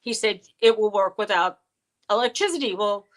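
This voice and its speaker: Middle-aged woman rambling on a live stream, tells stories and quotes everybody, average pitch. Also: normal speed, poor audio. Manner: chatty storyteller, quotes people in her stories. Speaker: co-host. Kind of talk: casual live-stream chat.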